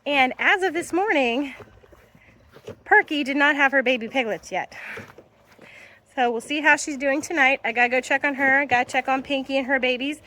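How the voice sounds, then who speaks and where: High-voiced woman chatting on her farm. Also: moderate pace, sharp tone, a little hiss or hum. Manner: coaxing, sing-song talk to animals; chatty, down-to-earth. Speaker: farm vlogger. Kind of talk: casual vlog narration. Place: outdoors on a farm.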